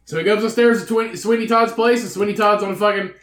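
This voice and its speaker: Male podcast co-host with a high voice, joking and profane as he riffs on a story, in an echoey room. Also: steady tone, quick pace, a bit bright. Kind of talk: casual storytelling chat.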